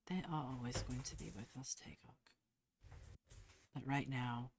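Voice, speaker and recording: A man voicing a steady male companion in a tabletop game, speaking low, hushed and resolute. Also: husky. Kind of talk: playing a character in a tabletop game.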